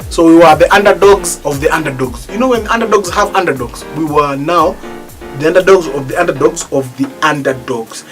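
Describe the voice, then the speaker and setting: A gospel singer from East Africa, a man, telling stories animatedly in an interview, bursting into loud exclaims when excited. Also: a little high, a little fast, soft background music.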